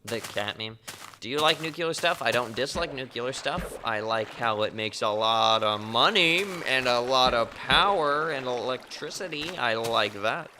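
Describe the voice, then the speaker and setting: A man's voice: mid-range voice, expressive, measured pace, bright, forceful tone, slight background noise. A man live streaming a game, chatting casually and joking offhand in reply to his chat.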